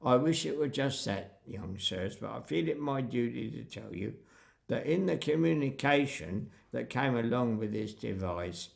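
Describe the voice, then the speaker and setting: An older man playing a polite, deferential country constable who speaks slowly and formally in a rustic way. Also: medium pitch, expressive, creaky. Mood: regretful.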